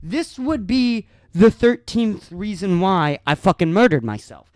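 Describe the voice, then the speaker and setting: A man's voice: high-pitched, lively intonation, measured pace, a little mellow, dry recording, clean studio sound. A man hosting a solo podcast, ranting angrily and profanely, stumbling over restarts as he talks. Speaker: podcast host.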